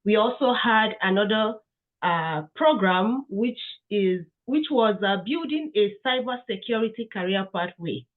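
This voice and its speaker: A woman's voice: mid-range voice, animated, a little slow. Woman speaking over tinny call audio. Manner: warm, inviting, with frequent fillers. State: under the weather. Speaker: community founder and speaker. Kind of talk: online workshop talk. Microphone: video call.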